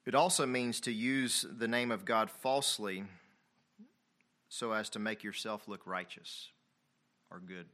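A man preaching a sermon, swinging between loud emphatic passages and quiet, confessional ones, reading scripture aloud. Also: fairly low pitch, a little slow, long pauses. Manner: reads King James scripture aloud.

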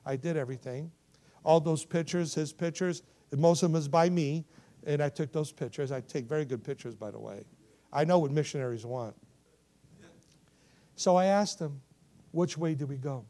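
A man, a missionary, preaching and telling a story from his travels, swinging from loud bursts to hushed asides and asking listeners to remember. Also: on the high side, normal speed. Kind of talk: sermon storytelling. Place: church.

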